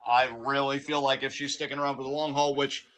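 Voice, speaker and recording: A man co-hosting a live wrestling watch-along, giving animated play-by-play and hyping the wrestlers on a home streaming mic. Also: medium pitch, fairly quick, slight background noise. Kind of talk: live reaction commentary.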